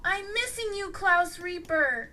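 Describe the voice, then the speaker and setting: A woman's voice: very high voice, animated, takes it slowly, pushed and bright, distant mic, voice pushed up, full character voice. A woman voicing a heartbroken teenage girl, tearful and pleading.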